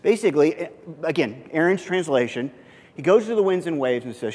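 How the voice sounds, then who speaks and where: A man's voice: brisk, in a large hall. A pastor preaching a sermon, telling the story with animation and often repeating his words. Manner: animated storytelling, repeats words, pitch climbs when excited. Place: church sanctuary.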